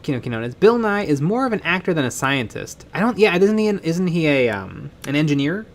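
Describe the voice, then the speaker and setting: A man's voice: a little high, fairly quick. A man co-hosting a live miniature painting stream, chatting casually, reading viewer comments and laughing often. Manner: excitable, laughs often, trails off.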